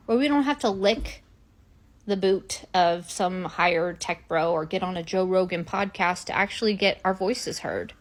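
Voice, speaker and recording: A woman in a sarcastic comedic monologue, swinging between whispered asides and loud exasperated outbursts. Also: mid-range voice. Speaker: content creator.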